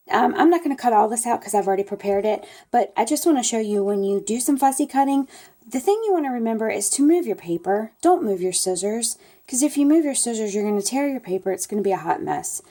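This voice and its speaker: A woman's voice: medium pitch, mellow. A middle-aged woman, chatting folksily to viewers while she demonstrates a paper craft at her table. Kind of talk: casual crafting tutorial.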